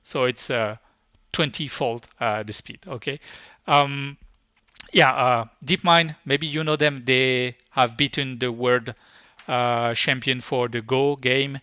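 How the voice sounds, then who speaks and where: A man with a thick French accent presents at a tech conference, his explanations halting and full of restarts. His voice is bright and forward, heard dry and close with a slightly dull, muffled tone. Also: mid-range voice, steady tone, clean tone, dry recording. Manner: hesitant, stop-start explaining. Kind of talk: live technical presentation.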